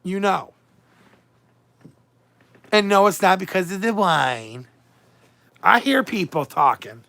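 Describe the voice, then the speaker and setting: A man's voice: high voice, big pitch swings, slow pace, creaky, pauses often, bright, forceful tone, no echo. A man hosting a casual livestream, chatty and emotional, swinging between moods as he reads and answers his viewers' comments. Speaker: livestream host.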